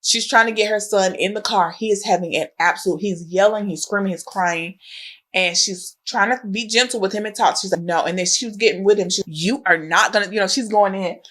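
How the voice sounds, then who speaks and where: A woman's voice: medium pitch, fairly quick, a bit bright. A pregnant woman co-hosting a podcast, telling a story in casual chat and acting out the voices of the people in it. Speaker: podcast co-host.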